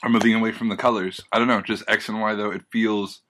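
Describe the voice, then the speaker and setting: A man's voice: fairly low pitch, little pitch movement, fast, a bit bright, slight background noise. A man talking casually as a podcast guest, hesitant and full of fillers. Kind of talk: casual chat.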